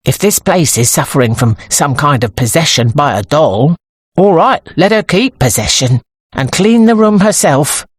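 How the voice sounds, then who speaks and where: A woman with an English accent voicing a brisk, matter-of-fact woman dressmaker in an audiobook, talking in a dry, businesslike manner. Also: low-pitched, animated, slightly rough, dry recording. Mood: resolute. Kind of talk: audiobook character voice.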